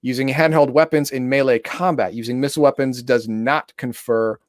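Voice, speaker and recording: A man's voice: mid-range voice, fairly even intonation, moderate pace, dry recording, studio quality. A man reading tabletop game rules aloud in casual chat, breaking into exasperated, profane rants.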